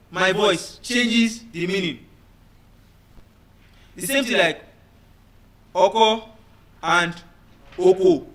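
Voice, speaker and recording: A man giving a classroom lecture, deliberately repeating words and often checking whether his students understand. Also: high-pitched, a bit bright. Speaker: teacher.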